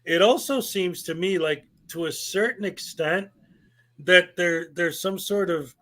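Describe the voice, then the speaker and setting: A man hosting a casual talk show, speaking with animated energy and often repeating words as he starts a thought. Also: high-pitched, a little slow. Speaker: host. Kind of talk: casual chat.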